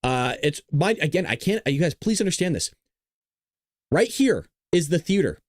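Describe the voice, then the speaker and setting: A man's voice: a little high, sing-song, normal speed, no echo, clean studio sound. A man hosting a podcast, talking casually and rambling to viewers while he plays his own video clips. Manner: rambling, talks straight to viewers. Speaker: podcast host.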